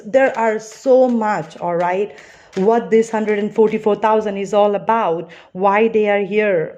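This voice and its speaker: A woman's voice: mid-range voice, a little mellow, highs cut off. Chatty woman reading tarot. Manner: chatty and rambling, frequent "you know" and "all right"; earnest and reassuring. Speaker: tarot reader. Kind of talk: tarot card reading to camera.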